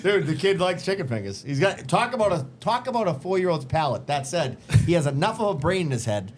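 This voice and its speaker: Profane, animated male podcast storyteller. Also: fairly high pitch, a little fast, noisy background. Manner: profane, animated storyteller who acts out friends' lines. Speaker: podcast host. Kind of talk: casual storytelling chat.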